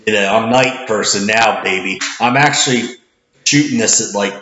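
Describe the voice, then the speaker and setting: A man who works as a cashier, talking in a casual vlog with a loud, projecting voice, rambling with many restarts and acting out the greetings he gives customers. He sits back from the camera in an indoor room. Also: fairly low pitch, moderate pace. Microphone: camera mic at some distance. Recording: echoey room, dull lo-fi sound, faint noise.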